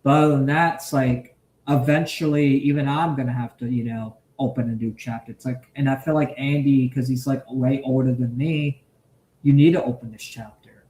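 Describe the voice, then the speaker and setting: A man's voice: mid-range voice, fairly even intonation, moderate pace, a little mellow. A man hosting a podcast, ranting in crude, heated casual commentary. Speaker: podcast host. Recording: roomy echo.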